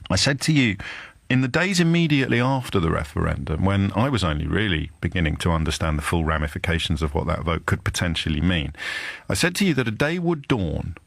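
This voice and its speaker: A man hosting a live radio talk show, speaking emphatically and sardonically with deliberate pauses, with a trace of a Kidderminster accent. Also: low-pitched, big pitch swings, gravelly, no echo. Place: radio studio. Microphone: studio microphone.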